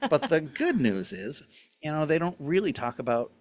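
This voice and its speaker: A man's voice: on the high side, big pitch swings, moderate pace. Easygoing male doctor explaining health. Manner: easygoing, laughs often, explains at length. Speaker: doctor, guest. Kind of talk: casual health chat.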